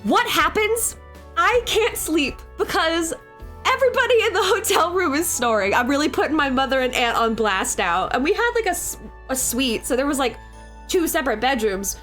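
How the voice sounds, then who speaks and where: A young woman with a bright, high voice chats casually as she works on digital art. She rambles, curses freely and breaks into laughter. Soft music plays quietly underneath. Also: expressive, normal speed. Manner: chatty, rambling, swears freely, laughs often. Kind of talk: casual storytelling while drawing. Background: soft background music.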